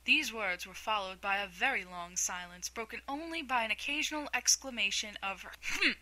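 Bright-voiced woman reading a storybook. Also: medium pitch, moderate pace, rough recording. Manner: calm, even bedtime narration. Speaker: audiobook narrator.

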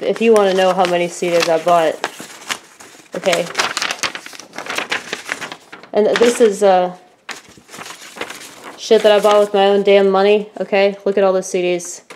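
A woman, chatting excitedly and swearing freely as she unboxes a package in a casual vlog. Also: mid-range voice, measured pace, pauses often, slight background noise. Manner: giddy, excitable, swears freely, repeats herself. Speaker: vlogger.

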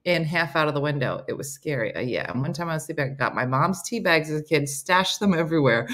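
Lively comedy morning show host woman. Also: low voice, quick pace, few pauses. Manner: reads listener stories aloud with playful banter.

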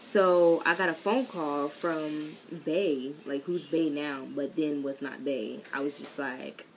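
A young adult woman telling a story in a casual vlog, chatty and animated. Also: slow pace, a little hiss or hum, rough recording. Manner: chatty and animated, acting out quoted voices with big pitch jumps. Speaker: vlogger.

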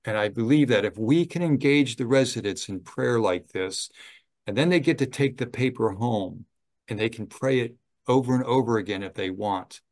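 A middle-aged man, a chaplain, giving a slow, gentle training talk on ministry, with some fillers. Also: medium pitch.

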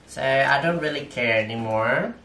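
A man with a non-native English accent, talking through an unboxing haul as a vlogger in halting, hesitant English full of fillers. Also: mid-range voice, bright, forceful tone. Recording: roomy echo, distant mic, faint noise.

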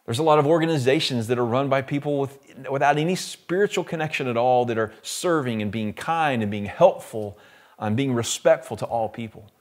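A man's voice: medium pitch, fairly quick. A male pastor preaching a sermon in an earnest, reflective way, posing questions to listeners.

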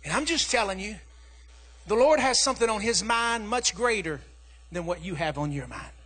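A man preaching a sermon as pastor, telling a family story and rising to shouts. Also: sits high, moderate pace, breathy edge. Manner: animated preaching, acting out his daughter's voice, rising to shouts.

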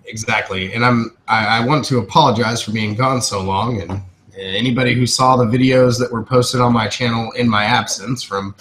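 Texan man, mid pitch, cussing, lively podcast chat. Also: normal speed, a little hiss or hum. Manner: profane, animated. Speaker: podcast co-host. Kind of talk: casual chat.

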